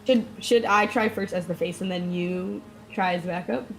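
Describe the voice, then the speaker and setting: A woman playing a tabletop game, unhurried and tentative. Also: on the low side, creaky, slight background noise, low-quality recording. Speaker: player. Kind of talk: casual tabletop play.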